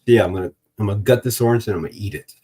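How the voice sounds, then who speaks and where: A man's voice: fairly low pitch, rapid-fire, warm tone, breathy edge. A man streaming late at night, chatting casually and joking with his viewers. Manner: laid-back, joking, chats to viewers.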